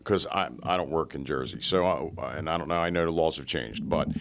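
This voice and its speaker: A man's voice: rumbling low, fairly quick, fairly bright tone. A man in casual podcast chat, blunt and profane, asking questions.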